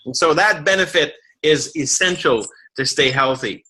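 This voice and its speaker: A man's voice: on the high side, normal speed, bright, forceful tone, husky, low-quality recording. A middle-aged man giving an earnest promotional health talk, explaining benefits step by step with frequent repeated words. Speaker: product presenter.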